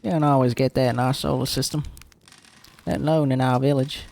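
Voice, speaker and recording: A lonely alien lookout keeper talks in a slow, rural drawl, voiced by a man reading game text aloud. The tone stays dry and wry. The voice sits at an ordinary middle pitch for a man. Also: little pitch movement, gravelly, darkish tone, natural voice. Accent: put-on rural drawl.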